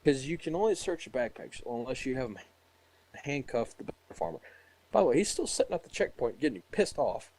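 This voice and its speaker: A man's voice: medium pitch, very animated, a little fast, a little mellow, low-quality recording. A young man with an ordinary mid-range voice chats casually. He tells a rambling, profane tale with lots of fillers and frequent laughter. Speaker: soldier telling a story. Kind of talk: casual chat.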